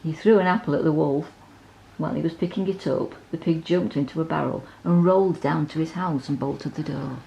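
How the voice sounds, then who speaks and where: A woman reading a bedtime story aloud, gently asking the child to look at the pictures. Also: deep voice, a little fast, creaky, poor audio.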